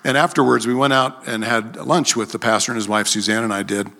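Bright-voiced man preaching in a reverberant hall. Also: fairly even intonation, brisk, gravelly. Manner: storytelling, acts out quoted voices with sharp rises in pitch. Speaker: preacher and worship leader. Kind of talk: conversational sermon.

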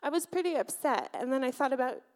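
A woman's voice: high voice, fast, a little mellow. Candid, heartfelt woman giving a sermon. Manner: conversational, candid, heartfelt, with filler words. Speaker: church speaker, pastor's wife. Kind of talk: sermon with personal storytelling. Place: church sanctuary before a congregation.

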